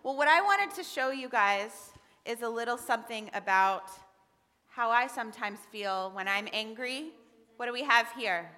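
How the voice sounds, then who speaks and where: A woman with a bright, clear, fairly high voice gently talks children through a lesson at a worship service. Her tone is patient and encouraging. The sound carries a long hall echo, with soft music underneath. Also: lively intonation, moderate pace. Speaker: religious educator leading a children's time. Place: large hall in a congregation.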